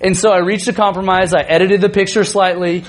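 A man in his thirties, a youth pastor telling a funny family story in a sermon, animated and often laughing. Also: high-pitched, fairly quick.

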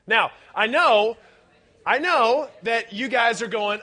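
A man as youth pastor, giving a playful, animated youth-group sermon, quizzing the kids and shouting at the big points. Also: very high voice, measured pace. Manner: animated, playful, shouting at peaks, audience questions.

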